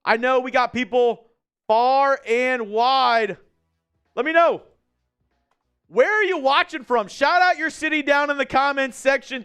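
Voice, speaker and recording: A man from Texas hosting a live stream, chatting casually with viewers and calling the game play by play, shouting on big plays. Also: very high voice, clean tone. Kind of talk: casual live-stream watch-along commentary. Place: studio at company headquarters.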